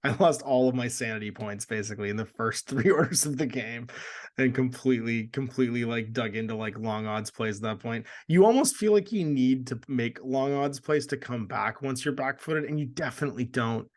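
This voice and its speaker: A man from Canada co-hosting a casual gaming podcast, animated and laughing often as he acts out quoted lines. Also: medium pitch, a little fast. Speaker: podcast co-host.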